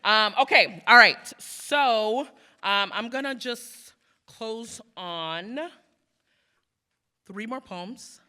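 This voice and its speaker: Very bright-voiced woman poet reading live. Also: on the high side, extremely slow, long pauses, clear, resonant tone. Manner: playful, self-teasing asides; rhythmic, building spoken-word delivery. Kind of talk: live poetry reading with banter. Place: museum event before an audience.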